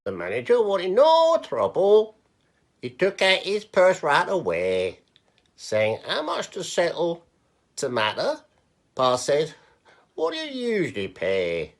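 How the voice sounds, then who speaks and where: A man's voice: high-pitched, wildly swooping pitch, slow pace. A man giving an amateur reading of a comic verse monologue in a put-on voice.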